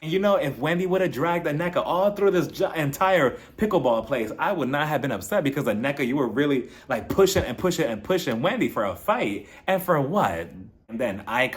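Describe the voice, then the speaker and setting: A man's voice: medium pitch, brisk. A man recapping a reality TV episode in a casual, sassy way, full of mocking asides. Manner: animated and sassy, with mocking impressions.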